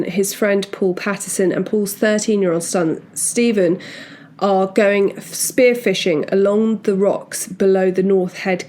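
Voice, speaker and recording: Woman podcast host, relaxed and chatty, mid-pitched, with frequent asides while recounting a case. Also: slight background noise. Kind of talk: casual true-crime storytelling.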